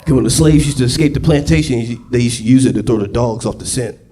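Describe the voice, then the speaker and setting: A young man performing a crude, excitable stand-up set, on a comedy club stage with a handheld mic. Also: medium pitch, fast talker, a little hiss or hum. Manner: loud, crude, excitable storytelling. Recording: live club with loud crowd. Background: audience laughing.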